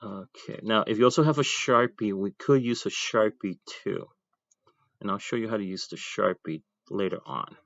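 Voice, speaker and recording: A man's voice: lowish voice, normal speed, fairly bright tone, no echo, lo-fi sound. A man teaching an ink drawing class, talking casually as he draws and thinking aloud with chatty asides. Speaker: art teacher.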